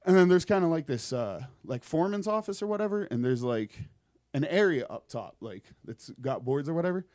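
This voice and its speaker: A man's voice: a little high, fairly quick, dry recording, clean studio sound. A young man telling a creepy personal story on a podcast, rambling and swearing as he goes. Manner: rambling, swearing, animated retelling. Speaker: podcast guest. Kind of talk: casual storytelling.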